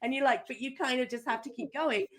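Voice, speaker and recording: Brief: middle-aged woman coach, podcast guest, lively storyteller who acts out her quotes. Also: high voice, quick pace. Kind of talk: podcast interview.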